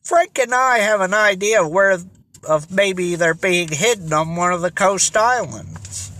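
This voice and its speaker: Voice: mid-range voice, a little slow, fairly bright tone, slight background noise, natural voice. A reader voicing Joe, an eager teenage boy detective, in an audiobook. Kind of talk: audiobook character reading.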